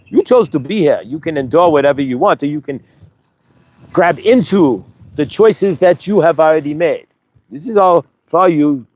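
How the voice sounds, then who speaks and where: A man's voice: on the high side, animated, normal speed, a little mellow. A man hosting a spiritual channeling show, coaxing listeners with a stream of rhetorical questions and rambling restarts. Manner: rambling, restarts mid-sentence. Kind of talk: motivational spiritual talk.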